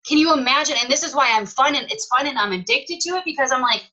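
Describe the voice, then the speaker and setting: A young woman giving an excited, chatty motivational talk to her sales team and acting out the messages she quotes. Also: sits high, fast, few pauses, low-quality recording. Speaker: direct sales team leader.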